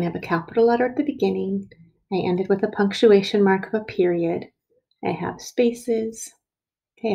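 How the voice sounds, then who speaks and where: Woman teacher, patient early-writing lesson, slow and clear delivery, mellow tone with a slight gravelly edge. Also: mid-range voice. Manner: slow, patient, stretches out word sounds.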